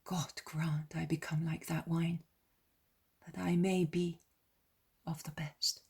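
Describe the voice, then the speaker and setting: A woman voicing a humble, repentant woman disciple in a whispered role-play, breathy and low. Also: flat delivery, takes it slowly, darkish tone, exaggerated voice. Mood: earnest.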